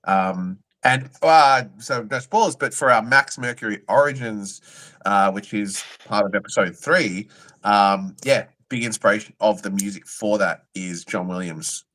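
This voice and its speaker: A young Australian man co-hosting a live fan-series Q&A in relaxed, rambling chat with many fillers. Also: on the low side, a little slow. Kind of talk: casual livestream chat.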